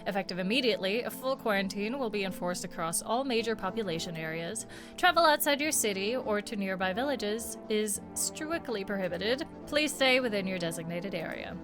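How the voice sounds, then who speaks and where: A woman reading a game's news broadcast as a formal, even announcer. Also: mid-range voice, fairly quick, lightly acted. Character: calm official radio announcer. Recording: game music behind.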